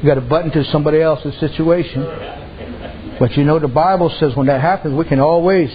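A man's voice: on the high side, fairly even intonation, a little fast. A man preaching a sermon, telling homespun stories and dropping frequent amens. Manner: folksy storytelling, frequent amens and "you know". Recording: muffled with faint background noise.

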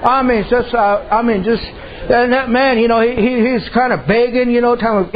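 A man's voice: very high voice, normal speed. A man preaching a sermon, telling folksy stories and dropping repeated amens. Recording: dull lo-fi recording.

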